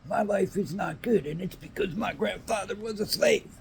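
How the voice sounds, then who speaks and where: A man's voice: high-pitched, normal speed, gravelly, slight background noise, voice pushed up. A man voicing a whiny, aggrieved young man who blames everyone else for his troubles. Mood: whining. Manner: complaining, accusing.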